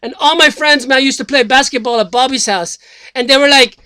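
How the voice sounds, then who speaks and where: A man's very high-pitched voice comes across brisk, bright, forceful, clear, and resonant, with no echo. He is acting as a rambling slacker launching a presidential bid, his loose comic monologue full of fillers and swearing as he loses track of his point.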